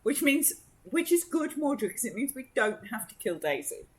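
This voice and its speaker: A woman's voice: high voice, very animated, normal speed, slight background noise. A woman playing a tabletop game, chatty and playful, laughing often. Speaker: player.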